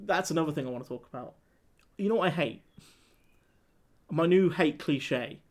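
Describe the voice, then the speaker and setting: A man co-hosting a casual film review chat, animated and laughing as he acts out scenes. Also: on the high side, moderate pace. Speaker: podcast co-host.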